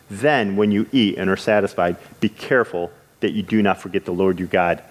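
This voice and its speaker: A man with a fairly low voice preaches a sermon in an earnest way. He stops and restarts now and then, and his voice rises with energy as he retells scripture scenes. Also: a little fast, hardly any pauses.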